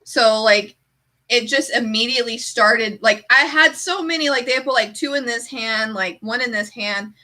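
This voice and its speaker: A woman streamer in casual chat, an animated storyteller who fills her talk with "like". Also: a little high, normal speed. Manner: chatty, heavy use of "like".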